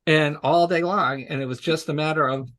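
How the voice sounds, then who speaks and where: A man's voice: fairly high pitch, fairly even intonation, normal speed, fairly bright tone. A man telling stories from his work in a casual interview, chatty and laughing often. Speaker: special education technology guest.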